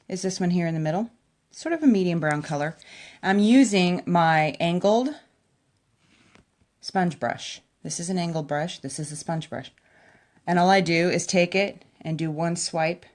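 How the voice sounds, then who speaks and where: A woman giving a chatty, enthusiastic makeup tutorial at home, talking straight to her viewers. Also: lowish voice. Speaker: makeup vlogger. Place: at home by a window.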